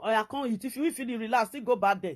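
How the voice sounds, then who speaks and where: A middle-aged woman with a Nigerian Pidgin accent, ranting to camera in a scolding, repetitive, animated way as a vlogger. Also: a little high, fast.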